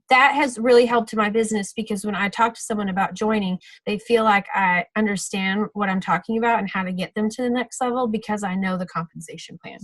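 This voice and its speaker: A woman's voice: medium pitch, a bit bright, dry recording, poor audio. A woman giving a casual, practical training talk on a video call, chatty and full of fillers and self-corrections. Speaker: sales team trainer.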